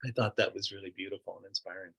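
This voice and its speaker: A middle-aged man, a Buddhist meditation teacher, telling a story in a relaxed, rambling way with many fillers and quoted asides during a question-and-answer discussion. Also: sits low, quick pace, breathy edge, poor audio.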